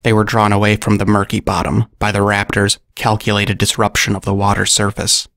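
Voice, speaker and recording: Gravelly low-voiced man narrating a story. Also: completely flat delivery, fairly quick, fairly bright tone, no echo, studio quality. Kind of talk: scripted narration.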